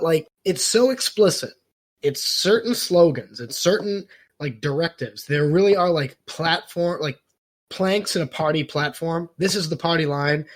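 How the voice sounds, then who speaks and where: A young man co-hosting a casual comedy podcast, talking sarcastically and slipping into mocking acted-out dialogue. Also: a little high. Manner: sarcastic, acts out mock dialogues in exaggerated voices. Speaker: podcast co-host. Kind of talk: casual political comedy chat.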